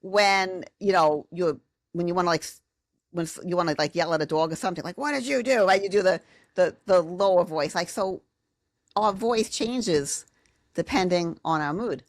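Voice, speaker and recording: A woman's voice: lowish voice, moderate pace, no room sound. A woman speaking as a podcast guest, a sound therapist telling her story in casual conversation and acting out quotes in big voices.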